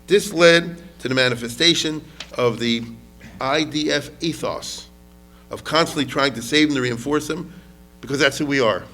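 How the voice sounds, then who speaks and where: A man teaching history in a loose, conversational way, with a voice of middle pitch. He keeps checking in with his listeners and drops Hebrew words into his talk. Faint music plays softly behind him. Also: moderate pace. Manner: conversational, asks the audience questions often. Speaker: rabbi and history lecturer. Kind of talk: lecture.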